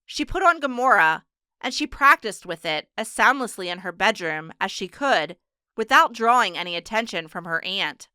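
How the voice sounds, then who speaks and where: This scripted audiobook narration features a woman with a medium pitch, telling the story in a steady, measured way. The recording is dry and studio quality.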